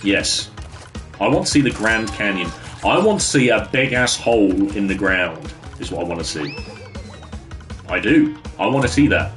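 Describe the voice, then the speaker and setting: A man's voice: on the low side, sing-song, normal speed, a bit bright, faint music behind. A man chatting casually with his viewers while streaming a game from his bedroom, laughing often and bantering with the chat.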